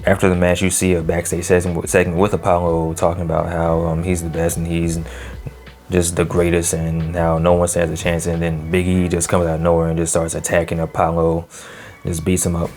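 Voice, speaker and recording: A man's voice: deep voice, a little mellow. A man giving a casual solo review of a wrestling show, talking loosely with lots of fillers, slang and frequent laughs. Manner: laughs often between remarks.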